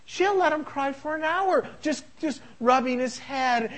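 A man's voice: very high-pitched, measured pace, fairly bright tone, rough recording. A middle-aged man preaching a sermon, telling family anecdotes and acting out both sides of conversations with humor. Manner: anecdotal, jokey, acts out dialogue. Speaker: pastor.

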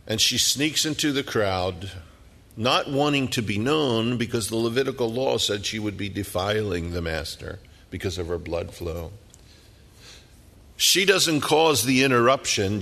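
A middle-aged man preaching a sermon, telling the story dramatically and dropping at times to hushed whispers. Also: medium pitch, in a large hall.

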